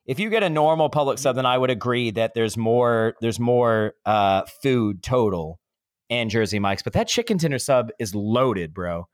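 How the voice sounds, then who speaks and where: A man's voice: mid-range voice, lively intonation, moderate pace, no room sound, studio quality. A young man co-hosting a casual podcast chat, joking and swearing freely. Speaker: podcast co-host.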